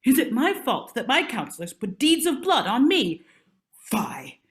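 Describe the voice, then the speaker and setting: A woman's voice: a little high, wildly swooping pitch, measured pace. A woman playing a proud, sleepwalking Tudor queen in an amateur online stage play, speaking in a commanding, scornful way. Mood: raving. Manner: commanding, scornful, archaic theatrical speech. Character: imperious sleepwalking Queen Elizabeth I, haughty and sharp-tongued.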